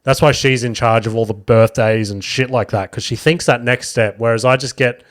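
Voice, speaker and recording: A man in his thirties hosts his own podcast and rambles through family anecdotes in a loose, self-mocking way. He swears freely and his voice sits at an ordinary pitch for a man. It is a close podcast-mic recording. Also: steady tone, moderate pace. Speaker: podcast host. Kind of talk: casual comedic storytelling.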